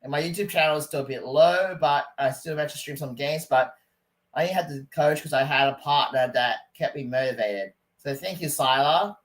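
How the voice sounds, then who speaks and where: A man's voice: fairly high pitch, brisk, low-quality recording. A man ranting to camera in a rambling, stop-start, aggrieved way. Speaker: vlogger. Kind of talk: casual rant to camera.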